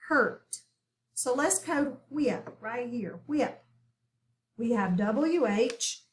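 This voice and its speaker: A woman teacher giving an online phonics lesson to children, saying each word slowly and clearly. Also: on the high side. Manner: slow, clear, over-articulated word repetition.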